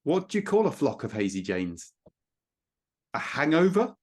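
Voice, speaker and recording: Man trading lively dry quips. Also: fairly high pitch, slightly rough. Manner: quick dry quips, jokey. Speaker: podcast co-host. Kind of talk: casual chat.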